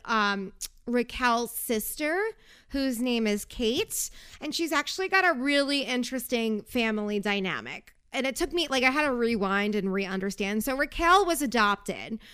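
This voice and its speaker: A woman's voice: fairly high pitch, pushed and bright, clear, resonant tone. A young woman hosting a casual podcast, chatty and sarcastic, going off on tangents while recapping a reality show. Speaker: podcast host.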